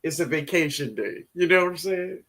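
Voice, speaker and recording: A woman's voice: on the low side, fairly bright tone, a little hiss or hum. A middle-aged woman hosting a gardening live stream, chatting casually with viewers and affectionately calling them baby. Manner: affectionate, calls viewers baby, unhurried drawl.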